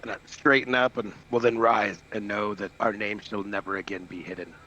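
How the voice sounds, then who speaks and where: A man's voice: on the low side, little pitch movement, brisk, sharp tone, dull audio, slight background noise. A man playing in a tabletop game, chatting casually and laughing often in an upbeat way. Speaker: player. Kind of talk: casual tabletop play and chat.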